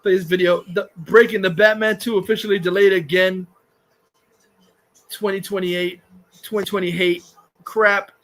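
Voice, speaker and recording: A man's voice: high voice, little pitch movement, moderate pace, pauses often, fairly bright tone. A man hosting a livestream, ranting crudely and rambling about movies, laughing often. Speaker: streamer host. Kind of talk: casual livestream rant.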